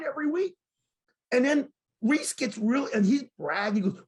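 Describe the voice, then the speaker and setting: A middle-aged man co-hosting a sports talk show, telling excited stories and swinging from loud outbursts to low voices when quoting people. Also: normal speed. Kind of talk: excited storytelling in casual sports chat.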